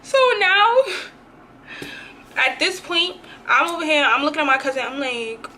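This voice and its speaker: A woman's voice: high voice, unhurried, slight background noise. A young woman vlogger telling a dramatic, slangy story in a casual storytime. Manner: animated, slangy, dramatic retelling.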